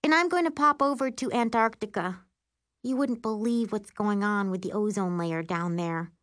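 A woman reading an audiobook, voicing a serious, sleepless young sister who talks slowly and earnestly. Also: medium pitch, a bit bright, dry recording, clean studio sound, voice pushed up, lightly acted. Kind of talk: audiobook character voice.

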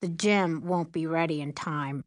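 A woman's voice: sits low, unhurried, no echo, studio quality. A woman voicing a worried teenage boy who is class president, speaking glumly. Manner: worried, sighing, glum.

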